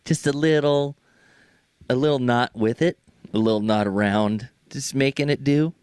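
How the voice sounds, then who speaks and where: A man's voice: mid-range voice, moderate pace, darkish tone, smooth, no echo, studio quality. Hesitant man in casual chat. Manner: hesitant, self-deprecating.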